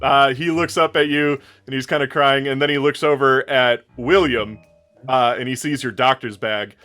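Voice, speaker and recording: Young male game master, bright tone, rambling filler-heavy narration. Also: mid-range voice, fairly even intonation, normal speed, soft background music.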